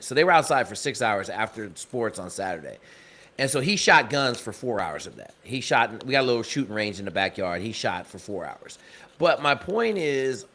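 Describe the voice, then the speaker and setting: A man telling a story on a live talk broadcast, energetic and fast, acting out the quotes as he goes. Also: mid-range voice. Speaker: panel guest and father.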